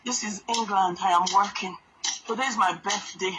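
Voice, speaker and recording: A woman's voice: medium pitch, fairly even intonation, normal speed, background noise. Aggrieved woman cursing outdoors. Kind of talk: venting to camera in a live video. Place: outdoors in the snow.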